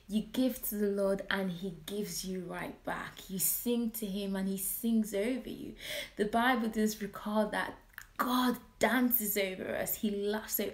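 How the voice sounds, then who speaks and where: A woman speaks in a middle-pitched voice, earnest and conversational, sharing reflections on worship. Now and then she drops into soft, hushed asides. Her voice rings in a roomy, echoey space. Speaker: Christian vlogger. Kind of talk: reflective personal talk on worship.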